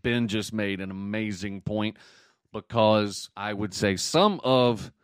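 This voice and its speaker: A man's voice: fairly low pitch, slow, clean tone, no room sound, clean studio sound. A man co-hosting a podcast in casual chat, going off on tangents and apologizing for it. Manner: tangent-prone, apologetic, animated storyteller. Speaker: podcast co-host.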